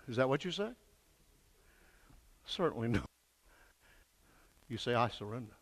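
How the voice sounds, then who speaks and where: An older man preaching a fervent sermon, swinging from hushed lines to shouted peaks and calling for answers from the congregation. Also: medium pitch, sing-song, takes it slowly, husky. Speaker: pastor. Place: church sanctuary. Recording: echoey church hall.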